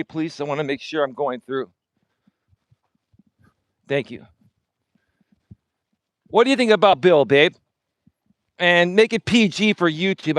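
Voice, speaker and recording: A man's voice: fairly high pitch, no echo. A man hosting a livestream, taunting a rival with repeated jabs. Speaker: livestream host. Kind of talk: confrontational livestream rant.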